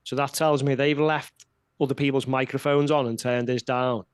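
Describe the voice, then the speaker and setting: A man's voice: mid-range voice, fairly even intonation, moderate pace, smooth, dry recording. A man co-hosting a casual political chat, blunt and heated. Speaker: podcast co-host.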